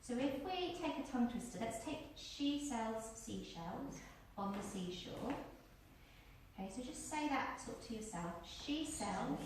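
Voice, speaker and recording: A woman's voice: a little high, lively intonation, a little slow, noisy background. A woman teaching a workshop on using the voice, chatty and encouraging as she demonstrates exercises aloud to a group. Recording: very echoey room, voice from far off.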